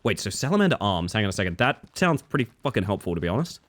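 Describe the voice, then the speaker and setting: A man's voice: on the low side, big pitch swings, rapid-fire, a bit bright. A young man from Western Australia with a Western Australian accent tinged with British, chatting playfully with viewers while gaming on a live stream.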